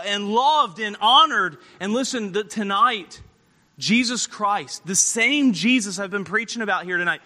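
A man's voice: extremely high pitch, sharp tone. A man preaching an earnest, emphatic sermon to children and young people, often restarting his words. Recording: long hall reverb.

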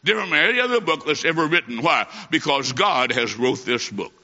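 A man preaching an evangelistic sermon, telling stories in a folksy, emphatic way, pushing and slowing his words for stress. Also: fairly high pitch, expressive, pushed and bright. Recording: dull echoey hall recording.

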